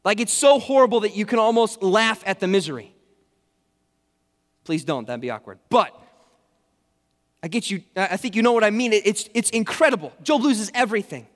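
A man preaching in a relaxed, storytelling way, tossing in little jokes as he goes. His voice is high for a man, and a long reverb hangs in the large hall. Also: normal speed, long pauses. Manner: casual, animated storytelling, joking asides. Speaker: pastor. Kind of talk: conversational sermon.

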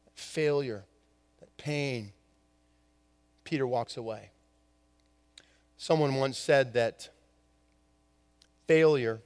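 A man preaching a sermon as a pastor, swinging from hushed lines to emphatic ones. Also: mid-range voice, in a large hall. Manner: dramatic shifts from hushed to emphatic.

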